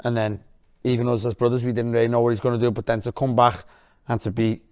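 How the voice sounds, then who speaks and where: A man co-hosting a casual interview, asking halting, restarting questions. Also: medium pitch, level tone, a little mellow, smooth. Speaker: co-host.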